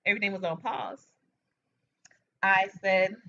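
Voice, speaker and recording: A woman hosts a late-night livestream from home, talking openly and answering her viewers' comments one after another. Her voice is bright and forward. The webcam audio sounds dull and lo-fi. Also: mid-range voice, unhurried. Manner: animated, frank, reads out and answers viewer comments. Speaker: livestream host. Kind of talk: casual chat with viewers. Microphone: webcam or phone mic.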